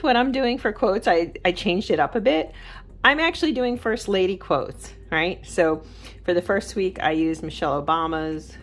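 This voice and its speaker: A woman hosting a journaling channel, talking in a chatty, rambling way with lots of asides and fillers while she decorates a journal at her craft desk. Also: fairly low pitch. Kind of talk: casual craft vlog chat.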